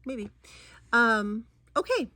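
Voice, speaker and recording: A woman's voice: on the high side, big pitch swings, extremely slow, pushed and bright. A middle-aged woman chatting through a cross-stitch vlog, rambling and gushing, with many ums and restarts. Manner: gushing over crafts. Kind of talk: casual chatty show-and-tell.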